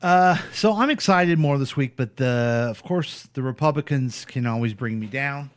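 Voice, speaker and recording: A man's voice: mid-range voice, expressive, normal speed, smooth. A man from Missouri co-hosts a talk radio show in a loose, blunt chat. He gets indignant over the clips he plays and laughs often. His voice sits in the middle of a man's range. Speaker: radio co-host. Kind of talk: casual political chat.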